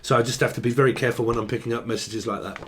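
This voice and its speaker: A man talks through a tarot reading in a loose, meandering way, drifting from one word to the next. He jokes around and swears casually, and his voice sits at an ordinary middle pitch for a man. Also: steady tone, rapid-fire, fairly bright tone, slight background noise. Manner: loose and jokey, swears casually, free-associates on words. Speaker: tarot reader. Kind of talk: rambling solo tarot reading to camera.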